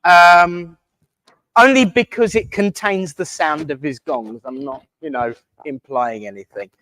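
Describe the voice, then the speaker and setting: Guy hosting the service, slow and kinda high, joking around while doing the notices, dry close sound. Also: bright, forceful tone, dry recording. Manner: jokey, teasing, chatty. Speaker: service host. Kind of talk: closing remarks and notices at a church service. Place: village hall.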